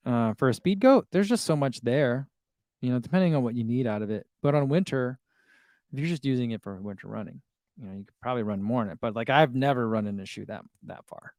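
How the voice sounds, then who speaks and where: A man's voice: medium pitch, fast talker, darkish tone, no room sound, clean studio sound. A middle-aged man hosting a running livestream, chatting casually and reading viewer comments aloud with easy laughs. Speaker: running channel host reading live chat.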